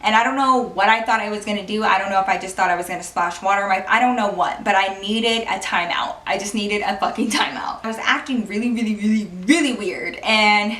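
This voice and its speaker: A young woman vlogger telling a personal story in a casual, animated way, swearing and laughing often. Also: mid-range voice, fairly quick, hardly any pauses. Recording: roomy, distant from the mic.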